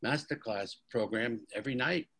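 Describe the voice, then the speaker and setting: A man being interviewed as a guest, telling his story in a lively, excitable way and often repeating words as he goes. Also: mid-range voice, normal speed. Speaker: guest, company founder. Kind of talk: animated storytelling in a podcast interview.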